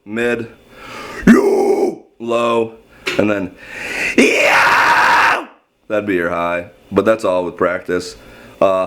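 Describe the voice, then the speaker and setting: A young man with a low voice gives a laid-back vocal lesson. He rambles and stumbles over restarts. He is self-deprecating and easygoing about his own skill. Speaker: screaming vocal instructor. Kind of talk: casual how-to explanation.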